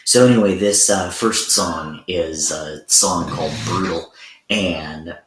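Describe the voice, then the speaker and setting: Male livestream host, deep voice, roomy echoing sound, casual and halting delivery with lots of fillers. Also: background noise. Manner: hesitant, many fillers and restarts. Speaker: teacher and livestream host performing song covers. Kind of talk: casual livestream chat between songs. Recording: roomy echo with faint music.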